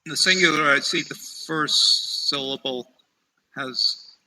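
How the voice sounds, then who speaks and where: A male student slowly working through a question in a grammar class. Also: a little high, bright, forceful tone, rough recording. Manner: slow, halting question.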